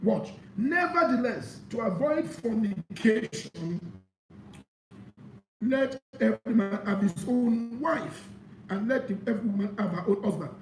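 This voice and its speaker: A man preaching a sermon, reading scripture aloud and explaining it with animated emphasis. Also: high-pitched, unhurried, recorded from a distance, slight background noise. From Nigeria. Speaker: pastor. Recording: echoey room.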